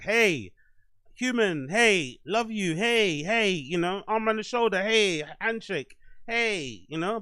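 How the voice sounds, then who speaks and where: Casual host, raised voice, cursing, dry close sound. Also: male voice, on the high side, a bit bright, no room sound. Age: adult, "you get older". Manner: swearing, rambling, self-deprecating. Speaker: podcast host. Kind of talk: casual livestream chat.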